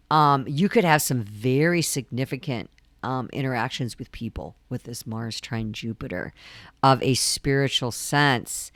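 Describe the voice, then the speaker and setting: A woman's voice: very deep voice, takes it slowly, no echo, clean studio sound. A woman astrologer talking through a full moon forecast in a casual, earnest way, often repeating her key points between ums.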